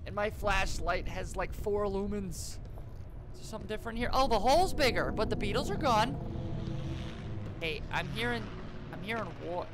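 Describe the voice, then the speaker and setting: A man's voice: high-pitched, animated, normal speed, noisy background. A man giving casual, joking commentary while playing a horror game, with jumpy exclamations. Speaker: gaming YouTuber.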